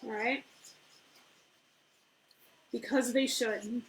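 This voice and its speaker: High-voiced woman coaching, chatty and lively. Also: very slow, slight background noise, poor audio. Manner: conversational, filler-heavy, keeps asking "right?". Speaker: business owner and life coach. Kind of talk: casual coaching talk.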